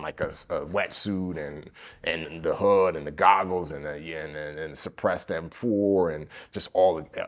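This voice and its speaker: A man, a podcast guest telling his story in an animated way, acting out the quotes and using many fillers. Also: deep voice. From the Bronx, New York. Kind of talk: storytelling interview.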